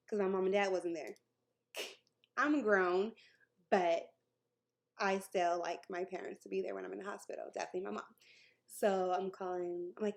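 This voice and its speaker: A woman's voice: medium pitch, fairly even intonation, moderate pace, gravelly, long pauses. A young woman tells a personal story to her camera in a loose, chatty way. She laughs often and slips into the voices of the people in her story. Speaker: vlogger telling her story. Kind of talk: casual storytime vlog.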